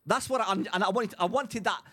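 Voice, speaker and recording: Man, young adult, podcast co-host, casual storytelling, fairly high voice. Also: fairly quick. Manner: animated storyteller who acts out quotes.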